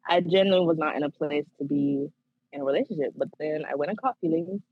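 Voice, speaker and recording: A woman's voice: low-pitched, fast talker, husky, dull audio. A young woman guest in a casual chat, telling her story reflectively and acting out her own past words. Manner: reflective storytelling, laughs easily, acts out her own quotes. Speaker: podcast guest.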